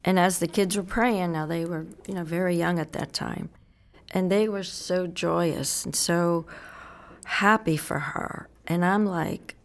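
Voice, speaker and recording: A woman's voice: on the low side, unhurried. A middle-aged woman, a pastor's wife, telling a personal testimony in a candid, self-deprecating way. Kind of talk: storytelling testimony.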